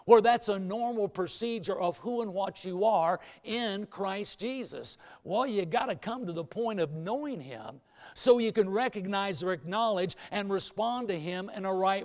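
A man preaching a sermon to a hall audience in a folksy way, repeating phrases for emphasis and leading call-and-response. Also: sits high. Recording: long hall reverb.

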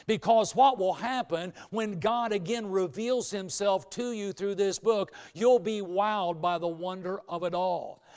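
A man's voice: sits high, darkish tone, smooth. A man preaching a sermon to a hall audience in a folksy way, repeating phrases for emphasis and leading call-and-response. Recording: long hall reverb.

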